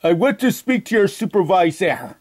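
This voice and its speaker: On a prank call, a man plays a stubborn, fussy French immigrant with an exaggerated fake French accent, insistently repeating his demands deadpan. His voice is high and his speed normal.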